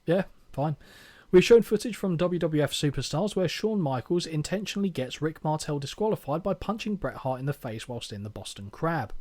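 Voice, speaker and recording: Reviewing a wrestling event, a man co-hosts a podcast, joking and bantering as he reads from his notes. His voice is fairly high and darkish in tone, brisk, with lively intonation.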